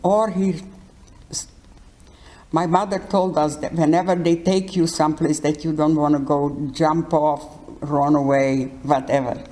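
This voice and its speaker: Older woman, interview testimony, slow, halting, repeats words, mellow low tone. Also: steady tone. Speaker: Holocaust survivor interviewee. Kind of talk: recalled life testimony.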